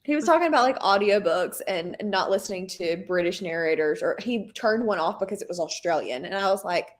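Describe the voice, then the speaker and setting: A woman with a mild Southern US accent, chatting casually and telling animated stories. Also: mid-range voice, a little fast. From American South. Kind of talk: casual chat.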